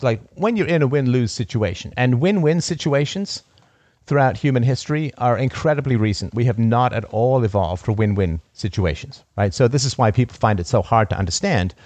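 A man's voice: mid-range voice, a little mellow, no room sound. A man hosting a call-in show, talking emphatically, repeating key phrases and laughing at his own stories. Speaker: podcast host. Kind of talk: call-in conversation.

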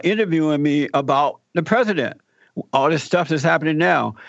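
Appearing as an interview guest, an older radio talk show host animatedly tells a personal story and performs its dialogue. His fairly high voice is gravelly, and the audio is dull, with no room sound.

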